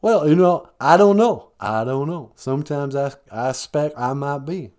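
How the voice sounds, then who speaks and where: A man's voice: fairly high pitch, normal speed, a little mellow, lightly acted. A man voicing a brash, pushy woman caller who teases and bosses the host around. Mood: chatty. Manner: brassy, calls the host a fool.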